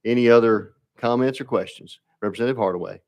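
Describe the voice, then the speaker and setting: A man's voice: medium pitch, fast talker, darkish tone. A man chairing a legislative committee hearing, polite and procedural.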